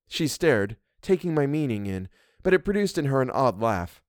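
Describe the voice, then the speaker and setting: A man reading a classic ghost story aloud, narrating in a measured and expressive way. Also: mid-range voice, no room sound, studio quality. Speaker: reader.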